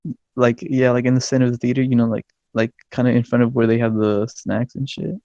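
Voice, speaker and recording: Young male podcast co-host, animated rambling storyteller with a warm, dark voice, recorded close and dry. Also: mid-range voice, quick pace, no room sound, lo-fi sound. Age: young adult. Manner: excitable, swears a lot, laughs mid-story. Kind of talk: casual storytelling chat.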